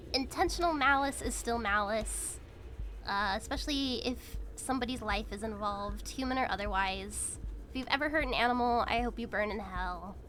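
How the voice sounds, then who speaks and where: A woman livestreamer talks loosely while she plays, swearing freely and trailing off into filler words. Her voice sits a little high and rings bright and sharp. She comes across as blunt and outspoken. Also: a little hiss or hum. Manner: blunt and profane, rambling with many fillers. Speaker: VTuber streamer. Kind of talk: casual chat while streaming a game.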